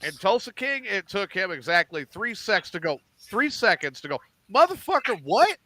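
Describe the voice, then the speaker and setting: A middle-aged man hosting a casual podcast, animated and profane, acting out lines as he recaps TV shows. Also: high-pitched, moderate pace, dry recording. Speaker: podcast host.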